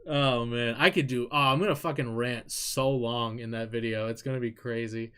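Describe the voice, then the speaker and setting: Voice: mid-range voice, fairly even intonation, moderate pace, fairly bright tone, smooth. An adult with an American accent chatting casually on a live stream, candid and rambling, swearing freely and laughing often while reading chat.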